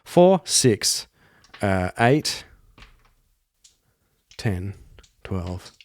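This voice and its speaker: A man's voice: fairly low pitch, sing-song, very slow, a little mellow. A man hosting a podcast, narrating a solo tabletop game and thinking aloud as he rolls dice. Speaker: podcast host and solo player.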